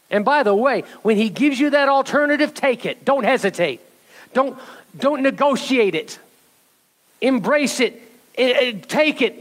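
A man's voice: high-pitched, poor audio. A man pastor preaching a sermon, talking straight to his congregation and building to fervent exhortation. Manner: rising to fervent exhortation, addressing the church.

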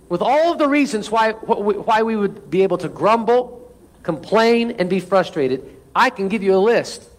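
High-voiced man preaching a sermon. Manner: earnest, leads congregation in call-and-response. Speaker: pastor. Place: church sanctuary.

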